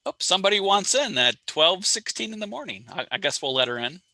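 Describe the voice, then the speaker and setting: A man's voice: high voice, very animated, fairly quick, pushed and bright, no echo. A man hosting an online astronomy viewing session, chatting casually and rambling with a self-deprecating sense of humor. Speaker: astronomy outreach host. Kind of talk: casual livestream chat. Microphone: online call mic.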